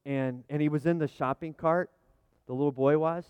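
A man's voice: fairly high pitch, fairly even intonation, moderate pace, darkish tone, clean tone, dry recording. A middle-aged man preaching a chatty, folksy sermon, full of restarts and asides, joking with the congregation and calling for amens. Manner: jokes with the congregation, calls for amens. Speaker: pastor. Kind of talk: conversational sermon with props.

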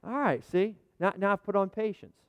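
This middle-aged pastor speaks high-pitched and fairly quick, captured in a dry recording. He delivers a conversational, folksy sermon with props, restarting and going off on asides, joking with the congregation and asking for amens.

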